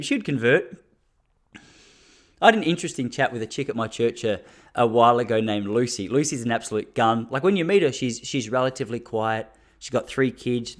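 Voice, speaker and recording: An Australian man in his thirties hosting a solo podcast, talking bluntly and laughing between points. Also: medium pitch. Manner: fired-up, blunt, laughs often, acts out quotes. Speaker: podcast host. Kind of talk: casual solo podcast monologue.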